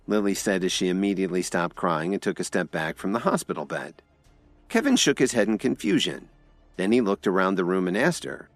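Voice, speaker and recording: A man narrating a scripted audio drama with expressive storytelling. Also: sits low, a little fast, no echo, faint music behind.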